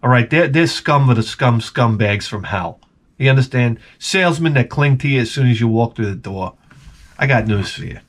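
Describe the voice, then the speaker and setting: A man's voice: medium pitch, lively intonation, normal speed. A man telling a profane, exasperated story in casual vlog style. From Long Island, New York. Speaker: vlogger.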